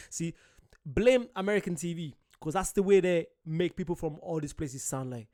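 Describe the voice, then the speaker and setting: A young man who grew up in Ireland gives casual, excitable reaction commentary, swearing and laughing at himself. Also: a little high, normal speed. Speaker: reaction video host.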